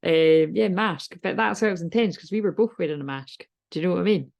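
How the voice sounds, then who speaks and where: A woman's voice: lowish voice, fast, gravelly, highs cut off. A British woman giving a casual tarot reading, rambling, laughing and swearing freely. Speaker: tarot reader.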